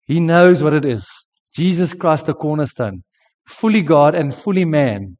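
A man's voice: fairly high pitch, animated, unhurried, a little mellow. A middle-aged man preaching a sermon, telling a personal testimony earnestly. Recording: dull lo-fi sound with long hall reverb.

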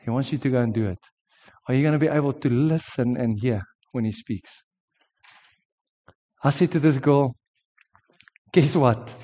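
A man's voice: medium pitch, moderate pace, long pauses, warm tone, long reverb tail. A South African man in his forties, sick with a sore throat, telling an earnest sermon story with frequent restarts. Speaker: preacher. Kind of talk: sermon testimony.

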